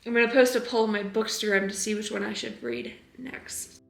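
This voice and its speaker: Chatty young woman with a gravelly edge. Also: medium pitch, sing-song, a little fast, soft background music. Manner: chatty and giggly, many fillers like "like" and "okay?"; hushed, half-whispered stretches. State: tired. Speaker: book vlogger. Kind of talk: casual vlog chat. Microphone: camera mic.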